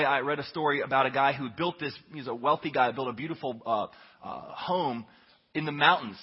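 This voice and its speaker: A man preaching a Sunday sermon, telling a story in an earnest, conversational way that swings between hushed and emphatic. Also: medium pitch, brisk, breathy edge. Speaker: pastor. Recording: echoey hall, dull lo-fi sound.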